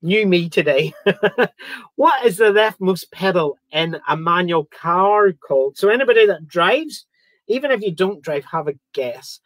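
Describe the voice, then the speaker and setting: His high-pitched, expressive voice is a bit bright and moves a little slowly, recorded dry. Hosting a live-streamed quiz, he chats with viewers, reads out their comments, and jokes around between questions.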